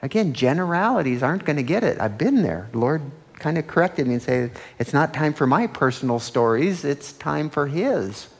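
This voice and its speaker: Animated preacher in a reverberant hall. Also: male voice, fairly high pitch, normal speed, gravelly. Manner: conversational preaching with rhetorical questions; animated, swings between loud and hushed. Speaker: pastor. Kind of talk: sermon. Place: church sanctuary.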